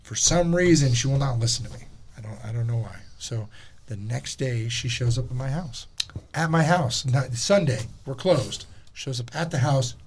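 A man hosting a podcast, telling stories in casual chat, animated and swearing freely as he acts out the people in them. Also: mid-range voice, moderate pace. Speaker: podcast host.

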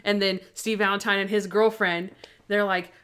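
A young woman in casual chat, retelling TV episodes with quick acted-out lines. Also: mid-range voice, flat delivery, fairly bright tone, clear, resonant tone. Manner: chatty retelling of TV scenes, acting out lines.

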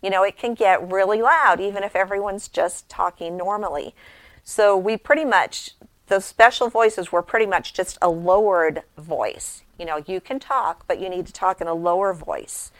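A middle-aged woman shares practical homeschooling advice in a relaxed, conversational way, moving easily between tips and small stories from her own family. Her voice sits at an ordinary pitch for a woman. The sound is close and dry, with no room echo. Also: normal speed. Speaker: homeschooling mother giving advice. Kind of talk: instructional talk.

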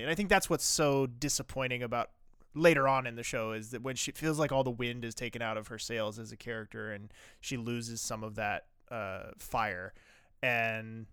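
Male podcast co-host, chatty recapper, smooth voice, dry close sound. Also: medium pitch, pushed and bright, no room sound. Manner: chatty, filler-heavy recapping. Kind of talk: casual chat, recapping episodes.

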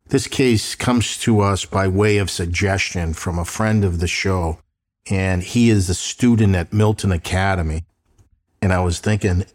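A middle-aged man talks casually to his listeners on a true crime podcast. His voice sits very low and sounds a little off from seasonal allergies. He keeps it chatty and direct, calling everyone guys. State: voice slightly off from allergies. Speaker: podcast host and private investigator.

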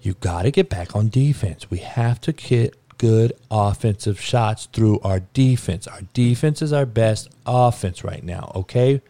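A man imitating a calm, soft-spoken male basketball coach with a quiet, even, teacherly manner. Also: fairly low pitch, measured pace, few pauses, no room sound.

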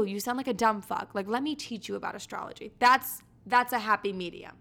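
A woman's voice: medium pitch, fast, few pauses, fairly bright tone. A young woman in casual chat, frank, sassy and profane, often calling the listener babe.

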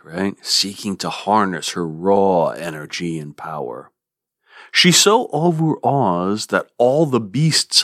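A man hosts a literature podcast, leading listeners through a poem with playful asides. His voice sits low but swings widely in pitch, and he takes his time over every line. The recording is dry and close, with no room sound. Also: dry recording. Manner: expressive, lively reading with playful asides. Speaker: podcast host. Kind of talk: literature lecture.

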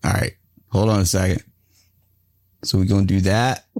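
A man's voice: deep voice, little pitch movement, moderate pace, a little mellow, no echo. A man hosting a veterans' podcast, talking in a blunt, profane, joking way. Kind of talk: casual chat.

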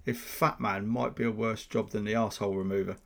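A man's voice: lowish voice, steady tone, fast talker, creaky, a bit bright. A man co-hosting a casual chat podcast in an easygoing, jokey way. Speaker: podcast co-host.

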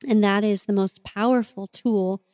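A woman's voice: medium pitch, fairly even intonation, moderate pace, darkish tone, no room sound. A woman hosting a podcast, talking in an earnest, open and confessional way in a reflective monologue. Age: adult parent. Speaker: podcast host and mentor.

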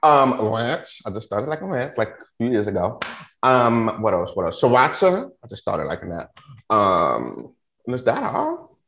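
A male podcast host talks in a loose, conversational way, his pitch swinging up and down as he tells his stories. He acts out his own reactions as he goes. The room around him is echoey. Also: wildly swooping pitch, normal speed, vocal fry, fairly bright tone. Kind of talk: casual chat. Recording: roomy echo.

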